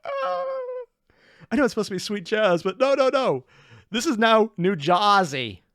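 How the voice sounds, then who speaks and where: Excitable reaction host, lively swings. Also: mid-range voice, moderate pace, no room sound, clean studio sound. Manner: excitable, laughing, self-interrupting. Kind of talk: casual reaction commentary.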